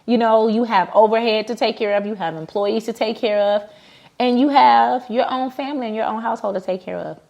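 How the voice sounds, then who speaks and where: Woman, 30s, business-owner host, casual heartfelt storyteller, slightly high voice. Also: brisk, vocal fry, darkish tone, muffled recording. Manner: heartfelt storytelling with many fillers. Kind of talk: casual motivational talk.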